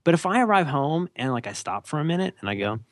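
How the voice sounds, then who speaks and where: This co-host sounds fairly high and very animated, talking quickly as he gives casual advice. He's self-deprecating and rambling, with lots of restarts, and the recording is studio quality without echo.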